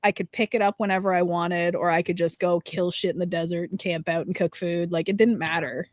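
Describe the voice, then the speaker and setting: A woman's voice: on the low side, fairly even intonation, fairly quick, no room sound, studio quality. A woman co-hosting a casual gaming chat, effusive and emphatic, laughing often as she talks. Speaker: co-host.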